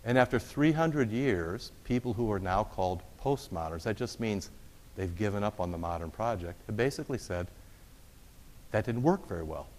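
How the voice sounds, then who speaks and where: A man's voice: lowish voice, moderate pace. A middle-aged man giving a conversational, wry lecture-style sermon. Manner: conversational and wry, with sarcastic asides. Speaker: preacher. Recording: long reverb of a large hall.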